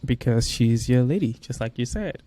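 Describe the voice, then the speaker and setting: A man's voice: mid-range voice, expressive, moderate pace, mellow. A young man co-hosting a podcast, dropping short teasing remarks into casual chat. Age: young adult. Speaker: podcast co-host.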